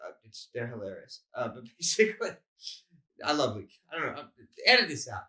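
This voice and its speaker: A man's voice: mid-range voice, very animated, fairly quick, sharp tone. A man with an Australian accent, a comedian co-hosting a podcast, telling rambling stories and acting out quotes in casual chat. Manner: rambling, storytelling with acted-out quotes. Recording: roomy echo.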